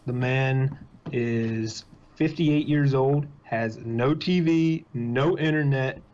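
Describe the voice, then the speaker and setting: A young man, talking as a podcast guest in casual chat, telling animated stories in quick bursts. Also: medium pitch, slight background noise. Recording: dull lo-fi sound.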